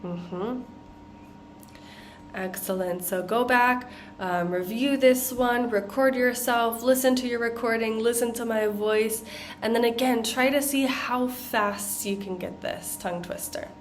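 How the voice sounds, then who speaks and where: A woman with an American accent teaching pronunciation, modeling tongue twisters slowly and deliberately. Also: fairly high pitch, fairly even intonation, slight background noise. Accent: General American. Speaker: accent coach. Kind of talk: pronunciation lesson.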